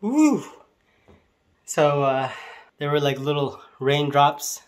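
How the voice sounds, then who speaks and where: A young man, an assistant language teacher, telling a story in a casual vlog in an animated, exasperated way. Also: medium pitch, fairly quick, background noise. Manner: animated, exasperated ranting with frequent "like" and "bro".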